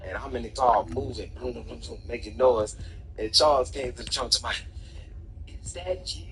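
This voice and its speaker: A man streaming gameplay, telling a personal story in an animated, profane way with bursts of laughter. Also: medium pitch, fairly quick, over music, low-quality recording. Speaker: gaming streamer. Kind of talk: casual storytelling over gameplay.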